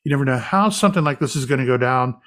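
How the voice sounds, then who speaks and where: A man guest in an interview, a medium, recounting an experience as a lively anecdotal storyteller. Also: mid-range voice, racing.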